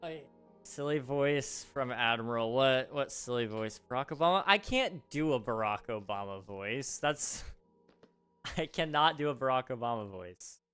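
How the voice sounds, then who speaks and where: A man's voice: medium pitch, lively intonation, a little slow, fairly bright tone, clear, resonant tone. Casting: joking male streamer chatting with his viewers during play, faint music under him. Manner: joking, talks to chat, repeats himself. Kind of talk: casual live-stream chat while gaming.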